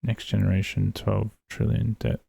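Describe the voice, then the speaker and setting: A man hosting a political reaction video, talking casually and hesitantly with many pauses as he thinks aloud. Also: on the low side, little pitch movement, vocal fry, mellow, breathy edge, no room sound, clean studio sound. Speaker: political commentary host.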